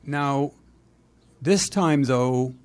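A man's voice: medium pitch, drawn-out words, a little mellow, clean tone. A man hosting an interview, asking long questions that he restarts and rambles through. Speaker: host.

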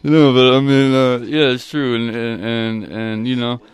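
A man's voice: medium pitch, level tone, unhurried, smooth, no echo. A man hosting a casual community radio show, rambling with many fillers and repeated words. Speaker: radio host.

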